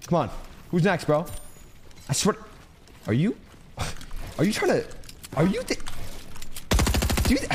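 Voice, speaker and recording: A young male streamer trash-talks through his gameplay in a fairly high voice that swings widely between shouts and low mutters. He taunts opponents and swears freely. The stream audio is noisy, with gunfire in the background. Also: wildly swooping pitch, unhurried, pauses often. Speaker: gaming streamer. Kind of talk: trash-talking live gameplay commentary.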